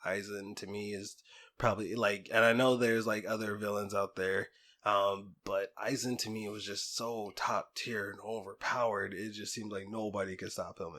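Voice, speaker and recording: A young man co-hosting a casual podcast, talking animatedly about anime villains and often laughing. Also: on the low side. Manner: animated, laughs often, does silly impressions. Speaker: podcast co-host. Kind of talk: casual chat.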